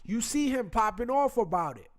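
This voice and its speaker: A man hosting a casual sports chat, talking into his computer, retelling the game in animated, slangy detail. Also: very high-pitched, normal speed. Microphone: computer mic.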